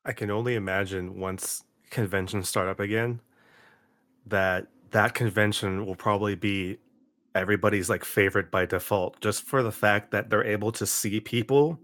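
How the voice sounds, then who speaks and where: A man hosting a casual interview, talking in relaxed, rambling sentences with many restarts. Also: on the low side, moderate pace, dry recording, studio quality. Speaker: host.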